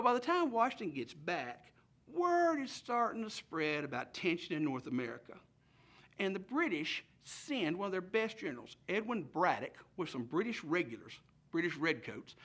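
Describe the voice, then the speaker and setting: Animated, bright-voiced man teaching history. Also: fairly high pitch. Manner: conversational, animated storytelling. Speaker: history presenter. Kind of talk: casual history lesson.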